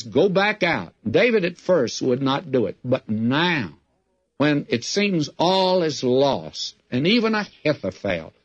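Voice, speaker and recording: A man's voice: a little high, breathy edge, no room sound. Preaching man, dull dry lo-fi recording. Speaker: pastor. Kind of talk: sermon with scripture reading.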